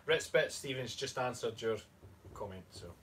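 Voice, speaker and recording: A man's voice: mid-range voice, animated, moderate pace, fairly bright tone. A Scottish man co-hosting a casual chat, playful and jokey. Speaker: co-host, fitness coach. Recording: distant mic, faint room noise.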